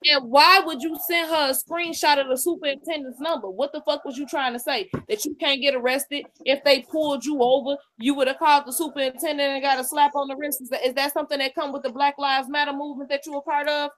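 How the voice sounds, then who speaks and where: A woman's voice: high-pitched, steady tone, fast talker, few pauses, a bit bright. A woman co-hosting a live stream in casual commentary, emphatic and confrontational, repeating her lines for effect. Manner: profane, confrontational.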